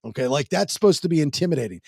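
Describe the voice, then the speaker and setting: A man's voice: on the high side, expressive, racing, gravelly, darkish tone, breathy edge, no echo, studio quality. A man hosting a casual podcast, telling stories bluntly and acting out other people's lines in mock voices. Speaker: podcast host. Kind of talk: casual chat.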